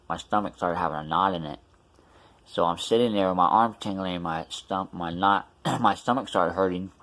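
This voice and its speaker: A man with a deep, low-pitched voice tells a story in a casual vlog. He rambles and restarts, with plenty of ums, and his mouth is still numb from the dentist. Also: fairly bright tone. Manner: rambling, many fillers and restarts. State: mouth numb after tooth extraction. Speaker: vlogger.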